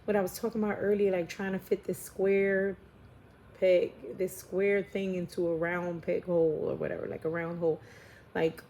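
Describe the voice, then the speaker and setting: This tarot reader speaks in a fairly low, dark voice, flat and moderately paced, with a little hiss or hum audible. She's a Spanish heritage speaker of Puerto Rican background from around New York and Philadelphia, musing aloud through her casual spiritual reading with plenty of fillers and frequent "right?"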